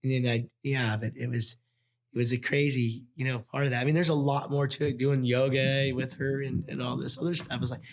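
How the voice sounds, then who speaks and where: A man's voice: mid-range voice, level tone, a little fast, gravelly. A man from Nevada, a wildland firefighter guest on a podcast, talking casually and emphatically, swearing often and acting out his own past thoughts. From Nevada, USA. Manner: emphatic, profane storytelling with quoted self-talk. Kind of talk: casual conversation.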